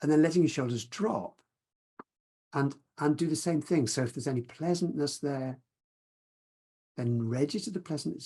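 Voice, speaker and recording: Gentle mellow-voiced male mindfulness teacher. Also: fairly high pitch, breathy edge. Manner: gentle, reflective, unhurried. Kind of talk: teaching talk with guided practice. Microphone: video call.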